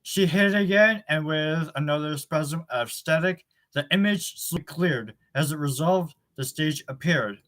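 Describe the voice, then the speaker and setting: A man's voice: on the high side, a little slow, few pauses, fairly bright tone. A man reading a novel chapter aloud in a plain voice, with occasional fillers and self-corrections. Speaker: audiobook reader.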